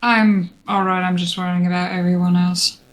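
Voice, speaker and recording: A woman player speaking in character in a tabletop game, quiet and hesitant, trailing off. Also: fairly low pitch, little pitch movement, normal speed, low-quality recording. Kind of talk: tabletop role-play in character.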